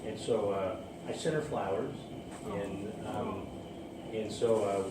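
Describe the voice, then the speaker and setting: Man, casual storyteller, laughs a lot, mid-pitched, set back from the mic in an echoey space with steady background noise. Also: slow. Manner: rambling, laughs often at his own story. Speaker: storyteller recounting his own romance. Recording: roomy, distant mic, ambient noise.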